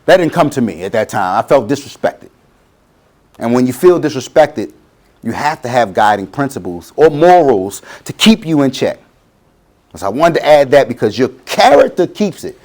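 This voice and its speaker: A middle-aged man, giving a motivational talk to students and acting out quotes in changing voices. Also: fairly high pitch. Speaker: guest speaker.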